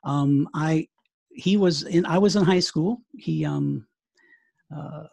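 A man's voice: fairly high pitch, takes it slowly, gravelly, darkish tone, no echo. A man in his fifties with an American accent, a writer and former radio broadcaster chatting through an interview in a storytelling way. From United States. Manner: storytelling, chatty, with laughs and restarts. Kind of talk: casual interview chat.

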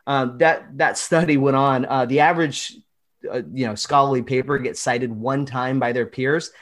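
A man's voice: mid-range voice, steady tone, moderate pace, fairly bright tone. A man appearing as a podcast guest, a researcher who calls himself a nerd, explaining a study with emphatic enthusiasm.

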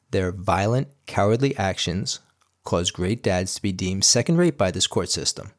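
A middle-aged man hosting a podcast, reading a scripted monologue in a blunt, emphatic way with crude language. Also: lowish voice. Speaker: podcast host.

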